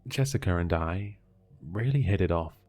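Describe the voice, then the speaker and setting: A man narrating a horror story in measured, steady scripted storytelling. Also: low-pitched.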